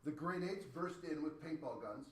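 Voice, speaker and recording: A man from Canada teaching a high school science class, explaining with playful, joking analogies. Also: animated, moderate pace, slight background noise. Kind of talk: classroom lecture. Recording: echoey classroom from far off.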